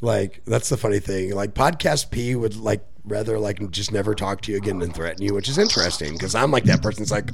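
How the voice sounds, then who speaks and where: A man's voice: lowish voice, a little fast, creaky, few pauses, a little hiss or hum. A man from Puerto Rico co-hosting a podcast, chatting casually and loosely, swearing and laughing often. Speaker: podcast co-host. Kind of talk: casual chat.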